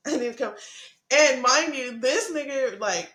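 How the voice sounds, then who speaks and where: A young woman co-hosting a podcast tells a story in casual chat, her voice sitting a little high. She laughs often, swears freely and acts out what others said. The room is echoey. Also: animated, normal speed, fairly bright tone. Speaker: podcast co-host.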